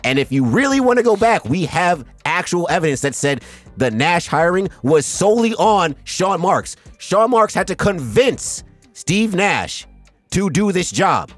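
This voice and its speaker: A man's voice: high voice, sing-song, a little slow, soft background music. A man hosting a sports podcast, ranting emphatically and with profanity, often stopping to ask "right?". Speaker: podcast host. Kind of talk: heated sports podcast rant.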